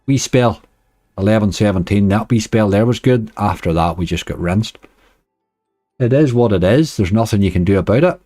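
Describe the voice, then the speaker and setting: A man's voice: lowish voice, animated, moderate pace, dark tone, no room sound, clean studio sound, faint music behind. A man with a Northern Irish accent giving chatty live-stream commentary on casino games, talking to his chat and groaning at near misses. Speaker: slots streamer.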